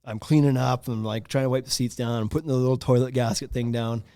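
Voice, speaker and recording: A man, hosting a podcast and telling a story in casual chat, animated and laughing often. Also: mid-range voice, fast, no room sound, studio quality. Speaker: podcast host.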